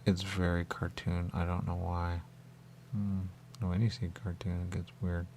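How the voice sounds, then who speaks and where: A man with a deep, low-pitched voice and a gravelly, fry-laden texture hosts a radio talk show. He rambles in a meandering monologue, circling back over the same phrases as he muses aloud. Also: monotone, normal speed, background noise. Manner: repetitive, meandering, musing aloud.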